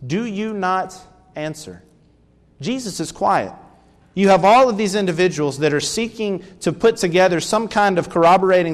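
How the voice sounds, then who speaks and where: A man's voice: on the high side, big-room sound. A man preaching a sermon lesson, earnestly explaining scripture and asking rhetorical questions. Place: church.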